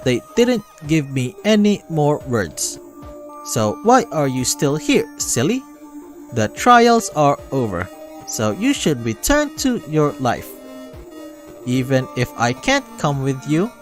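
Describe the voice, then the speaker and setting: Man voicing a glitching robotic ai, slow and stuttering, pleading, storybook game read aloud, faint music behind. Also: fairly high pitch, very animated. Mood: wistful. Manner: halting, stuttering repeats. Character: frightened glitching AI program, pleading and gentle. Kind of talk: reading a visual novel aloud.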